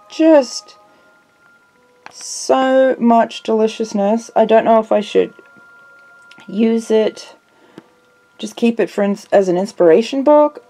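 Slow, mellow-voiced woman gushing over crafts. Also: a little high. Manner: gushing, exclaims over each item. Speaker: craft vlogger. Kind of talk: casual chat opening happy mail. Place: home art room.

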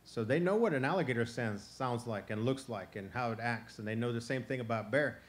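A man voicing a clever, patient male box turtle who calmly talks others into his plans. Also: mid-range voice, fairly quick, close to an everyday voice. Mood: calm scheming. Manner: calm, persuasive, coaxing.

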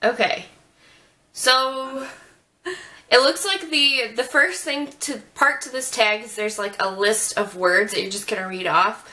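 A young woman from Northwest Ohio hosting a casual chat, chatty and quick to giggle. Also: fairly high pitch, sharp tone, rough recording. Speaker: beauty channel host.

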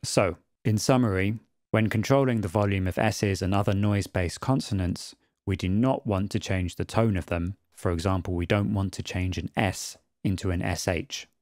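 Low-voiced guy walking through an audio tutorial, calm and methodical, super dry sound. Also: moderate pace, dry recording. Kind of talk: screen-recorded tutorial narration.

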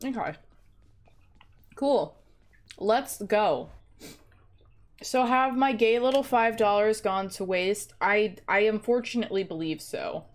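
A woman's voice: medium pitch, takes it slowly, long pauses. Woman streaming games, rambly and self-mocking, jokey, right up on the mic. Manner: rambling, self-deprecating, joking. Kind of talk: casual gaming stream chat. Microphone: close desk microphone.

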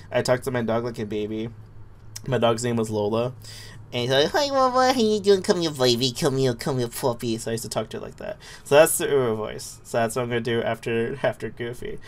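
A game streamer chatting casually and jokily with viewers, often breaking into giggles. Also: medium pitch. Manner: giggly, jokey, thanks followers. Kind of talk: casual live-stream chat.

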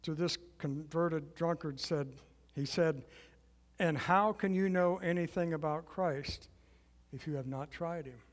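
A man preaching a sermon as guest pastor, leading the congregation in call and response with slow, emphatic repetition. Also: fairly high pitch, big-room sound. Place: church sanctuary.

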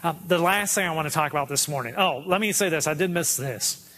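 Bright, high-voiced man preaching. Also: quick pace. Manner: conversational, acts out quotes from his kids. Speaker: pastor. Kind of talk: sermon. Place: church auditorium.

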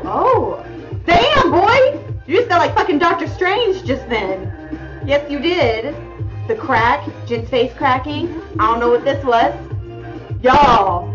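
A young woman reacting to a music video, excitable and profane, gasping and exclaiming as she comments. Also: high-pitched, measured pace. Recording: slightly muffled audio with music playing behind. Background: music video playing.

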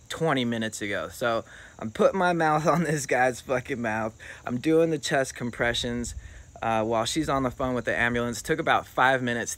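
A young man spins a personal story in a loose, rambling way, swearing freely as he goes. His voice sits at an ordinary middle pitch. He sounds like he is talking straight to the camera in a casual storytime. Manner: loose, profane, animated retelling.

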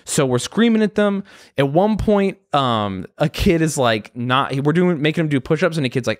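A young adult man, a guest comedian, telling a story in casual chat, animated and swearing freely as he acts out voices. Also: fairly high pitch, normal speed, dry recording, clean studio sound.

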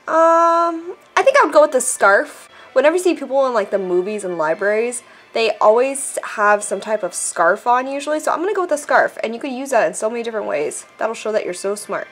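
A woman casually commenting while playing a mobile game, chatty and excitable, reading the on-screen text aloud. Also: fairly high pitch, fairly quick, faint music behind. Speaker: gameplay vlogger. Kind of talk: casual let's-play commentary.

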